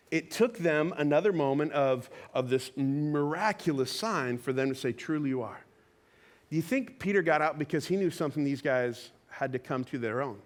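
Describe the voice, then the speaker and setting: A man preaching a conversational sermon, telling a Bible story with lively acted-out quotes. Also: fairly high pitch, moderate pace. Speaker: pastor. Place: church auditorium.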